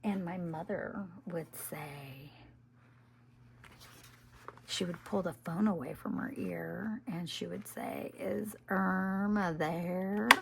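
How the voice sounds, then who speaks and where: Woman, very gravelly voice, very slow unhurried talk, soft half-whispers, casual crafting chat. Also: lowish voice, slight background noise. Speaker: junk journal crafter.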